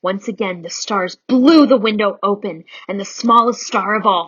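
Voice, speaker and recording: A woman reading a children's story aloud in an animated, theatrical way. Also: mid-range voice, normal speed, husky, dull audio.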